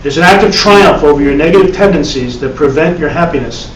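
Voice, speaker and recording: Picked up from afar in a reverberant room with a light hiss, a man teaches a live spiritual class as a meditation teacher. His voice sits on the high side and is expressive and brisk, and he chats conversationally with repeated words and wry asides.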